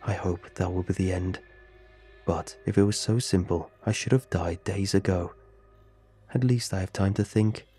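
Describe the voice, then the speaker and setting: A man voicing a flat robotic suicide-note voice. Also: deep voice, normal speed, soft background music, natural voice. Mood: bleak. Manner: monotone, without intonation. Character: flat robotic text-to-speech voice of a dying man's note.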